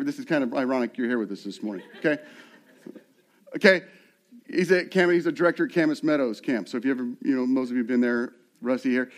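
Male pastor, middle-aged, lively sermon, slightly high voice, acts out little voices. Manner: animated, acts out voices of the people he describes. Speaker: lead pastor.

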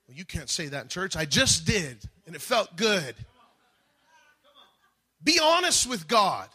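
A man preaching a sermon, moving between quiet reflection and loud, emphatic calls. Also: high-pitched, very animated, normal speed, breathy edge. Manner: dynamic preaching, swings from soft to shouting. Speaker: pastor.

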